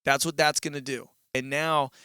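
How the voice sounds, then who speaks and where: This music tutorial host has a fairly high, level voice at a normal pace, sharp and clean in tone, with no echo and clean studio sound. Laid-back and loose, he walks through a casual instructional demo on a live mixer, using his voice as the example and dropping "dude" constantly into the vocal mic.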